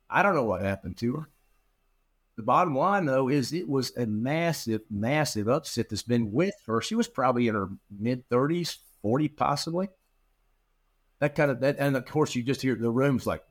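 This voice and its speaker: A man's voice: medium pitch, normal speed. A middle-aged man, a guest in an interview, telling a long anecdote and acting out the dialogue, with frequent restarts and repeated words. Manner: animated storyteller who acts out quoted dialogue. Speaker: interview guest, practice management consultant. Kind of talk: storytelling in a podcast interview.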